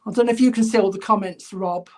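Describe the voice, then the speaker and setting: A woman's voice: medium pitch, fairly even intonation, quick pace, darkish tone. A woman, working as a spiritualist medium and chatting through spirit messages while reading live comments during an online church service.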